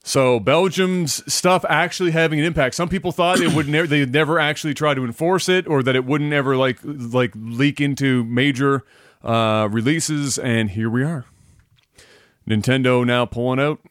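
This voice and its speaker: A man hosting a gaming podcast, relaxed and chatty, reading news with many fillers. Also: medium pitch, moderate pace, no echo, clean studio sound. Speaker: podcast host. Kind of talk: casual chat, reading news.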